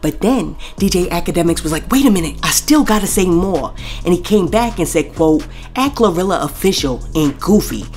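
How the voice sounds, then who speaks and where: A woman's voice: lowish voice, expressive, moderate pace, a little mellow, soft background music. A woman hosting a celebrity gossip show. She talks straight to the viewers and reads posts aloud, spelling out the censored swear words. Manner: chatty, addresses viewers directly. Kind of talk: scripted gossip commentary.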